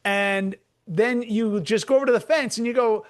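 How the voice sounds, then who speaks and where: A man with a notably high voice rambles through absurd comic tales in a deadpan way. He co-hosts a chat show and riffs at length, dropping into silly voices for the people in his stories. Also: normal speed. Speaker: comedian co-host.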